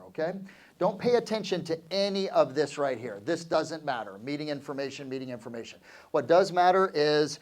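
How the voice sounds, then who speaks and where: Energetic male seminar coach. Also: fairly high pitch. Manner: energetic, asks the crowd questions, calls for answers. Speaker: real estate sales coach. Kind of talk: live seminar talk to an audience.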